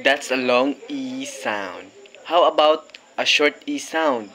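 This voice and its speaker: A man teaching a phonics lesson to children, slowly and patiently repeating each word and encouraging the learners. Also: medium pitch, a bit bright.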